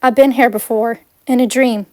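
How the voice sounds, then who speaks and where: A woman's voice: on the high side, steady tone, moderate pace, no room sound, close to an everyday voice. A woman voicing an earnest, anxious teenage boy wizard in a fan audiobook, speaking with urgency. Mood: urgent.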